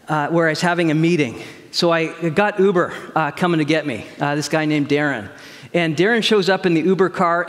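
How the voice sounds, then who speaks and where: Animated male pastor in a reverberant church. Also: a little high. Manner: conversational, animated storytelling with quoted dialogue. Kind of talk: sermon with personal story. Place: church sanctuary. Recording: long hall reverb.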